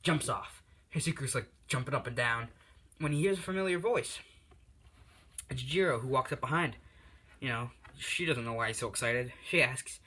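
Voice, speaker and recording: Young guy telling a fan story, lots of "um" and "you know", bright voice. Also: medium pitch, a little fast. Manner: rambling, heavy on fillers. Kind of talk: casual fan story retelling.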